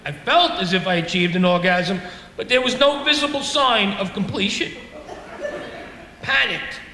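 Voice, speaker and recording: Ranting comedian with a gravelly, bright voice. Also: male voice, high voice, animated, moderate pace, a little hiss or hum. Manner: ranting, exasperated, self-mocking. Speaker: stand-up comedian. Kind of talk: stand-up comedy set. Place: comedy club stage with laughing audience. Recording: echoey club room with reverb.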